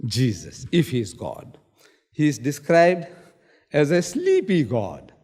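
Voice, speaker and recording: A slightly high, husky, darkish male voice with huge pitch swings speaks slowly in a lecture hall, trailed by long reverb. Arguing in a public debate, he emphatically quotes scripture and hammers his points with repeated words.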